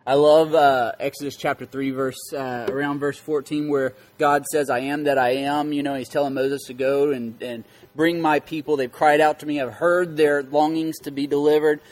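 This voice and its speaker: Emphatic pastor teaching, slightly high voice. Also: male voice, flat delivery, moderate pace, hardly any pauses. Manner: emphatic, repeats key words and quizzes listeners. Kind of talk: interactive Bible teaching.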